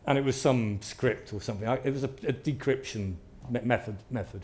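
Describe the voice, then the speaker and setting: A man, an author, telling anecdotes to a live audience in a lively storytelling manner and acting out what people said. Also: mid-range voice, a little fast. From Britain. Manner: lively storyteller, acts out quotes. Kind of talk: anecdotal talk.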